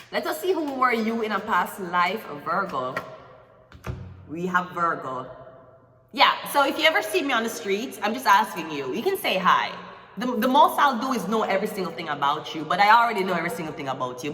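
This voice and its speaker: A woman's voice: lowish voice, pushed and bright. A young woman with a Jamaican accent doing a tarot reading as a crude, confrontational, swearing rant. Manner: vulgar, confrontational, swears constantly. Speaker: tarot reader. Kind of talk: profane ranting tarot reading. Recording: echoey room from far off the mic.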